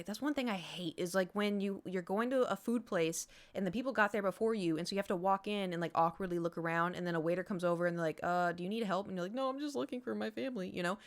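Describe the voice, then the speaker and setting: A young woman streamer casually telling a story, acting out the people she quotes. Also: on the low side. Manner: animated, acts out quoted voices.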